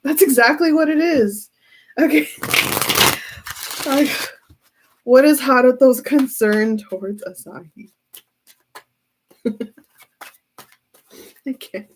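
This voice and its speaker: A woman tarot reader talks through a casual reading with a fairly high voice. She speaks at an unhurried pace and keeps dissolving into giggles. Her delivery stays relaxed and chatty. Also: background noise. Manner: giggly, often breaks into laughter.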